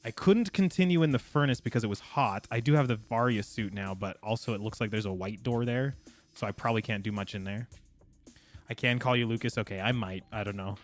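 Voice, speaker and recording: As he streams a game, a man keeps up a rambling, laugh-filled conversation with his chat. His voice sits on the low side and moves a little fast, with faint music behind him.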